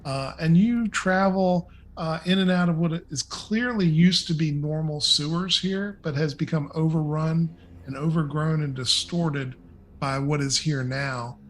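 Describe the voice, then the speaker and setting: Relaxed man narrating as dungeon master. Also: a little high, unhurried, a little hiss or hum. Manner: relaxed, descriptive, with fillers. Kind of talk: narrating a tabletop game.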